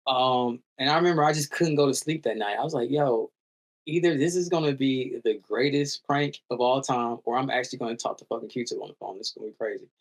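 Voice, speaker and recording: A man guest in a casual interview, telling a story in a lively way with slang and loose phrasing. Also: medium pitch, brisk. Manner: animated storyteller, acts out quoted voices. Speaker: musician guest.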